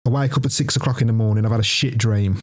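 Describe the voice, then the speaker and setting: A man's voice: medium pitch, quick pace. A young man casually telling a story on a podcast, swearing often and laughing as he goes. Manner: animated, swears constantly, laughs through the telling. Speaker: podcast co-host.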